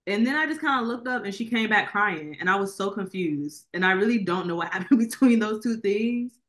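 A woman's voice: mid-range voice, expressive, fairly quick, a bit bright. Chatty woman reviewing a movie. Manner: chatty, rambling, frequent "like" fillers. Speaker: podcast co-host. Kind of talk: casual movie review chat.

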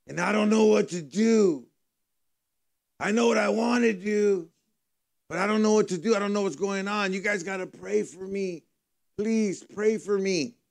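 A man's voice: high voice, normal speed, gravelly. A man preaching, acting out an anxious man who confesses and begs his friends to pray for him. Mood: pleading. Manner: pleading, worried.

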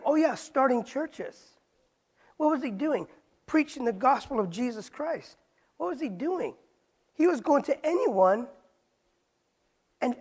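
In a Bible study sermon, a male pastor with a very high-pitched, slightly rough voice asks rhetorical questions and drops casual street slang.

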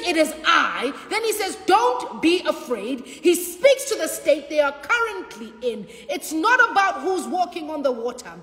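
A woman preaching a sermon with passion, repeating lines and shouting out at times. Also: high voice, roomy sound, in a large hall. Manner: impassioned preaching with shouts and repetition.

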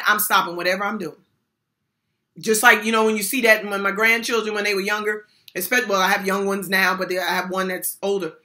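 Forceful, bright-voiced older woman lecturing. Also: medium pitch. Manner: emphatic, folksy, repeats key phrases. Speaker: workshop speaker. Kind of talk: motivational talk on mental health support.

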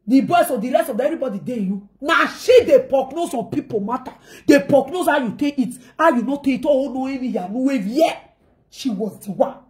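A woman speaking Nigerian Pidgin English, telling a family story to her viewers in a dramatic way and acting out the voices of others. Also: high voice. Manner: dramatic, acts out quoted voices, swings between shouting and murmuring. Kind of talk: animated storytelling.

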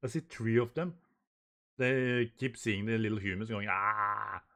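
A man's voice: mid-range voice, moderate pace. A man hosting a manga reaction, reading the dialogue aloud and commenting, often stumbling and repeating words as he reads. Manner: reads the dialogue aloud in lightly raised voices.

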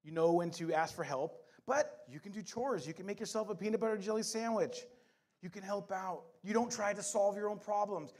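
A middle-aged man in the pulpit delivers a lively sermon, his fairly high voice rising and falling as he reads scripture and teases the congregation. He slows for emphasis and then jumps into playful asides and mock voices. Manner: humorous, animated preaching with playful voices. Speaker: pastor.

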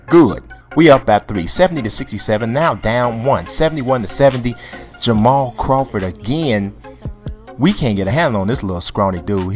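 Animated man calling a video game. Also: mid-range voice. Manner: animated, joking, trash-talking the players. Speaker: gameplay commentator. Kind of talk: casual play-by-play commentary over a video game.

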